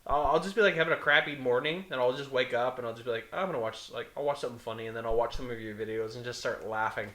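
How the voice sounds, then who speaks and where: A man co-hosting a podcast in casual chat, animated and laughing often as he acts out scenes. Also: medium pitch, rapid-fire, few pauses, reverberant. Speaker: podcast co-host.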